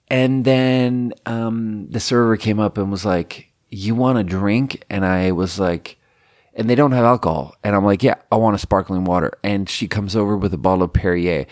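A man's voice: on the low side, darkish tone, dry recording, studio quality. A young man hosting a podcast, telling a rambling, profane, self-deprecating story in a casual monologue. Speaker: podcast host.

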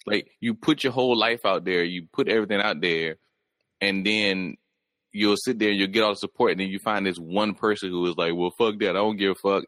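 A man's voice: low-pitched, fairly bright tone, no room sound. A man co-hosting a podcast, riffing loosely and joking about a clip. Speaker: podcast co-host. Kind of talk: casual chat reacting to a clip.

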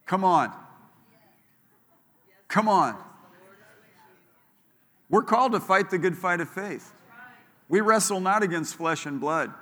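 A man's voice: a little high, pushed and bright. A man preaching a sermon as pastor, emphatic and calling out to the congregation to respond. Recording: long hall reverb.

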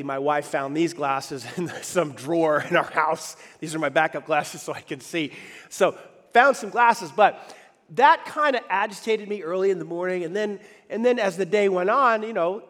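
A middle-aged man, a pastor, telling a funny personal story in a sermon, animated and conversational, often asking the audience questions. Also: on the high side. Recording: reverberant hall.

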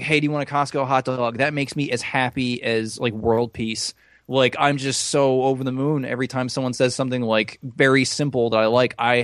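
A man's voice: medium pitch, dry recording, studio quality. A man co-hosting a podcast, talking casually in a rambling, profane, self-deprecating way. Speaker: podcast co-host. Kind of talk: casual chat.

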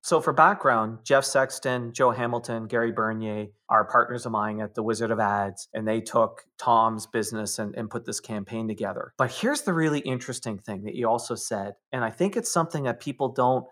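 A man of middle pitch hosting an interview podcast. He is a marketing consultant who explains ideas plainly and cheers his guest on. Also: fairly quick, few pauses, sharp tone. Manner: encouraging, explanatory. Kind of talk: casual interview talk.

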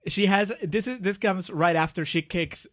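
A man with a fairly high voice rambles through his thoughts on a film in casual podcast chat. He laughs often as he talks and circles back to his points. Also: normal speed, a bit bright. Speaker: podcast co-host. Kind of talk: casual movie discussion.

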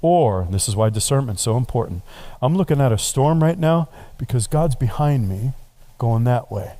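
A middle-aged male pastor preaching a sermon, telling the story in an animated way and slipping in playful asides. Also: medium pitch, moderate pace.

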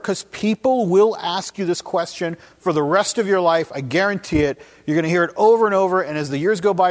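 Preacher man with a slightly high voice. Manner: storytelling, shifting pace and emphasis. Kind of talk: sermon.

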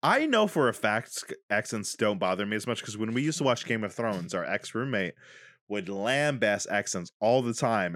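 A man co-hosting a podcast, chatting casually about a film with a lively, swinging pitch. He gets animated and laughs as he argues. The recording is dry and close, with little room sound. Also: brisk, no room sound. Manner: animated, laughs while arguing. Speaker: podcast co-host. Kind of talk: casual movie chat.

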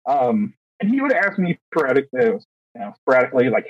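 A young man with a husky, mid-pitched voice tells a story on a podcast in a casual, animated way, acting out quotes and stumbling into restarts. He is recorded dry and close, with a slightly dull, lo-fi tone. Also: fairly quick, no room sound. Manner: animated, acts out quotes, frequent restarts and fillers. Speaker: podcast co-host, teacher.

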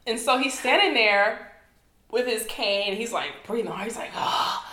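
A woman in her thirties telling stories in casual chat as a podcast co-host, animated and laughing, full of "like" fillers. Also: on the high side, normal speed, crowd noise. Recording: echoey room.

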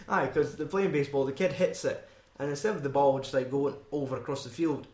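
A Scottish man talking loosely about a film, with rambling, sweary asides and frequent laughter. His voice sits at a middling pitch. It carries a noticeable room echo. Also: brisk, darkish tone. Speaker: podcast co-host. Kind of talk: casual film chat.

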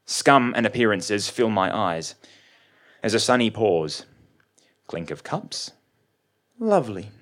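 A man narrating a first-person story in a measured, dry, observant way. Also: on the low side, big pitch swings, a bit bright. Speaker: reader.

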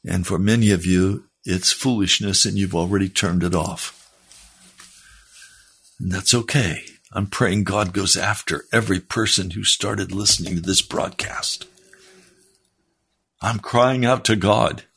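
A man's voice: a little slow, gravelly, fairly bright tone, husky. A middle-aged male pastor preaching a sermon, reading from a testimony and pleading earnestly with his listeners. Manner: earnest, pleading, rises in pitch when exhorting. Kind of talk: sermon with read-aloud testimony.

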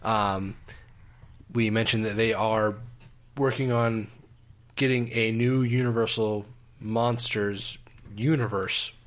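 Low-voiced guy on a movie podcast, slow and easygoing, lots of ums. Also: fairly even intonation. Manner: slow, laid-back, with fillers and laughs. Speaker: podcast co-host. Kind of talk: casual movie podcast chat.

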